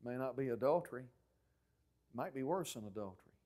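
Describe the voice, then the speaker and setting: A man preaching a sermon as pastor, telling stories with acted-out quotes and swinging from loud outbursts to near-whispers. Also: mid-range voice, a little fast. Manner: animated storytelling preacher, acting out quotes loudly then dropping to a hush.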